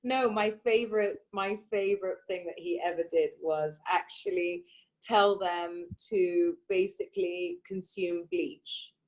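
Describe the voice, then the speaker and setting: A woman's voice: fairly low pitch, steady tone, measured pace. A woman co-hosting a podcast, speaking in an outspoken, emphatic way, with sarcasm at times, in casual conversation. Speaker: podcast co-host.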